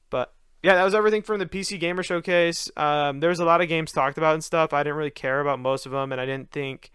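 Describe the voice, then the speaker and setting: A man's voice: medium pitch, sharp tone, clear, resonant tone, dry recording, clean studio sound. Tired young man rambling on a podcast. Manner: casual, loose, with many fillers and restarts. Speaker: podcast host.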